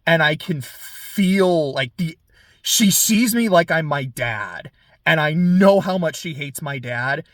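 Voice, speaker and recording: A man voicing a timid, earnest teenage boy who answers softly and very politely. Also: a little high, expressive, takes it slowly, dry recording, studio quality. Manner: polite, soft, careful.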